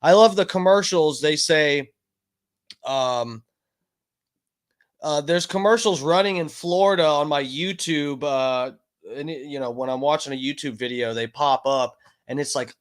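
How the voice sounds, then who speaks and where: A man's voice: on the high side, unhurried, clean tone. Profane, rambling man streaming from home. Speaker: livestream host. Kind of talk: casual livestream rant.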